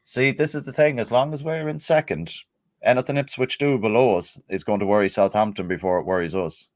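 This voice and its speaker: A man's voice: fairly low pitch, steady tone, a little fast, no room sound. Chatty man, dry close sound. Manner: chatty, reads out listener messages. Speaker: podcast co-host. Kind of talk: casual football podcast chat.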